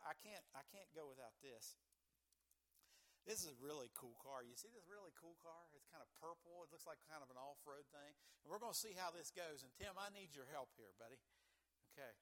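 A man preaching a sermon, folksy and joking, moving between calm teaching and loud bursts of excitement. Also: fairly high pitch. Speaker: pastor.

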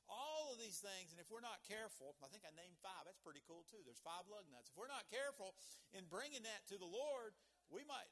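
A man's voice: high-pitched, a bit bright. A man preaching a sermon as pastor, talking in a conversational way and often restarting his sentences.

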